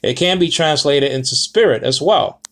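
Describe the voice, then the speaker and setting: A man's voice: on the high side, lively intonation, normal speed, fairly bright tone. Rambling man teaching Greek words. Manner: rambling, self-correcting, many fillers. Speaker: Bible teacher. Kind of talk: casual Greek word lesson.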